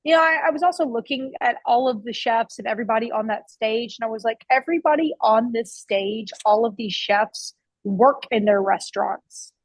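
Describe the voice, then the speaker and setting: On the high side and slightly rough, this woman chef speaks at a normal speed with a dry, close sound and no room noise, though the recording is rough. She owns a barbecue restaurant and tells stories there in a casual interview. She's chatty, with frequent restarts and fillers, and swears casually.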